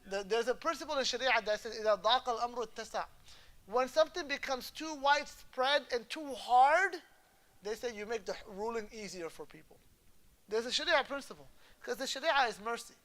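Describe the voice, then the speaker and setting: A man with an extremely high, bright and forceful voice teaches a class on Islamic law in a conversational lecture. He explains patiently, moves easily between English and Arabic terms, and keeps checking that the class is following.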